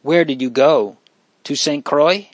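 A man voicing an impetuous, loyal teenage boy who speaks warmly. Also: on the high side, takes it slowly, no echo, muffled recording, voice pushed up. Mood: grave. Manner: impetuous, warm.

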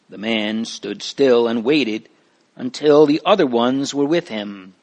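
A man narrating a storybook in a measured, deliberate reading. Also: medium pitch, darkish tone.

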